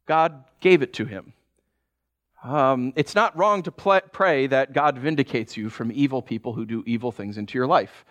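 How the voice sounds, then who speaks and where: A man's voice: medium pitch, normal speed. A pastor preaching a sermon, talking animatedly and acting out the people he quotes. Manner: animated, acts out quoted voices.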